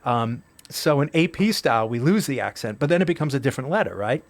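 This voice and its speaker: A man's voice: medium pitch, animated, quick pace. A man hosting a casual interview who rambles a little and asks his guest questions. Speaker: podcast host.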